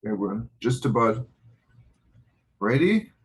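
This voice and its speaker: A man's voice: mid-range voice, very animated, takes it slowly. A man hosting a live online broadcast, giving announcements and fumbling with apologies. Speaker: host.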